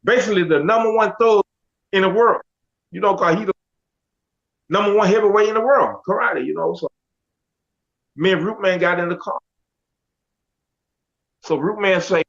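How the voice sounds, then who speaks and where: High-voiced man telling his story. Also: moderate pace, gravelly, pauses often. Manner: animated, quotes others in dialogue. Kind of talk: casual storytelling. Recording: dull lo-fi audio.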